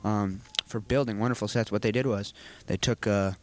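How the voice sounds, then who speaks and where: A man's voice: on the low side, fairly even intonation, moderate pace. A teenage boy, a student actor, talking earnestly and at some length in a school video interview. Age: teens. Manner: earnest, rambling explanations.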